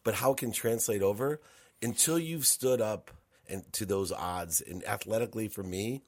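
A man's voice: on the low side, normal speed, darkish tone, no room sound. A middle-aged man, a podcast guest, telling his story candidly and emphatically, repeating words and restarting sentences. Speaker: podcast guest, entrepreneur and coach. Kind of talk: candid personal storytelling in conversation.

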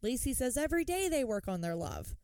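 A woman co-hosting a podcast, chatting casually and swearing freely as she recaps a TV episode with animated retellings. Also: high voice, a little fast, smooth, no echo. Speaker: podcast co-host. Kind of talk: casual chat recapping a TV show.

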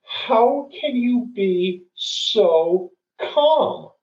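A woman's voice: sits high, steady tone, normal speed, echoey room, far from the mic, muffled recording, voice pushed up, natural voice. A man voicing a young college woman who is stranded at an airport and asks him anxious, tearful questions.

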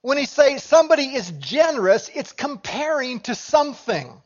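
A pastor delivers a sermon from a church with a notably high-pitched male voice. He talks with his congregation in a conversational way and puts questions to them as he goes. The sound is dull and lo-fi. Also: animated, normal speed. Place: church sanctuary.

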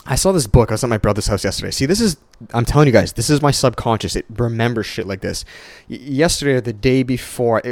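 A young man talks straight into a close microphone, recorded dry with no room sound. His speaking voice sits in a middle pitch, loose and profane, full of restarts and sudden jumps upward when he gets fired up. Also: no room sound. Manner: casual, heavy swearing, repeats and restarts, animated swings in pitch. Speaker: podcast host. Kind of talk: solo motivational podcast monologue.

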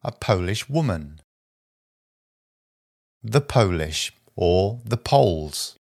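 Man, language teacher, deep voice, very lively intonation, careful phrase-by-phrase delivery. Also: gravelly, breathy edge. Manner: slow, deliberate, pausing after each short phrase. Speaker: vocabulary teacher. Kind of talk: reading a vocabulary list aloud.

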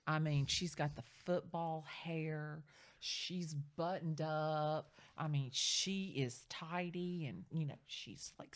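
A middle-aged woman in casual chat, telling a story with lively, acted-out quotes. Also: deep voice. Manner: animated storyteller, acts out quoted voices. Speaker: real estate agent.

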